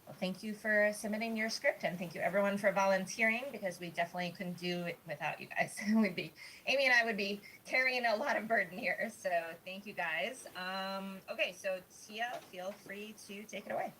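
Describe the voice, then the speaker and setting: A woman's voice: medium pitch, brisk, bright, forceful tone, slight background noise, rough recording. A woman hosting a live script reading over a video call, chatty and upbeat, with plenty of fillers. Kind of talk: hosting a live table read.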